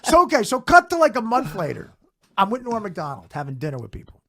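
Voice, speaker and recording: A man tells a comic anecdote with a lively, swooping delivery and a gravelly edge. He slips into the voices of the people he quotes as he goes. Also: high-pitched, fast. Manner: animated storyteller, acts out voices in quotes. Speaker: comedian telling a story. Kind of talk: anecdote told on a show.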